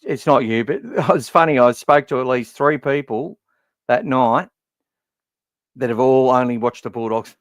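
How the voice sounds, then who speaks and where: A man's voice: mid-range voice, no echo, clean studio sound. A middle-aged Australian man hosting a casual fan podcast from home, rambling and swearing, his voice worn from talking all day. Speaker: podcast host. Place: warm room at home.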